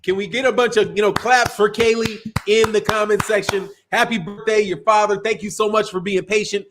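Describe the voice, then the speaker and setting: A man's voice: high-pitched, little pitch movement, brisk, background noise. A middle-aged man from Chicago hosting a boxing live stream in a loose, slangy, casual chat, laughing often. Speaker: boxing channel host.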